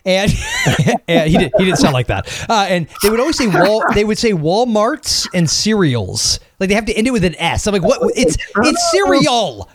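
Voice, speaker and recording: A man's voice: high voice, quick pace, hardly any pauses, a little hiss or hum. A man co-hosting a casual podcast chat, joking and laughing often. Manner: jokey, laughs often, lively. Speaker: podcast co-host.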